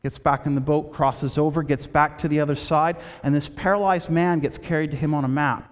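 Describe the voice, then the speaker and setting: A man preaching a sermon, retelling stories in a lively way and dropping his voice low and quiet for quoted lines. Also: fairly quick, big-room sound. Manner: storytelling with quoted voices, shifting between loud and hushed. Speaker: pastor.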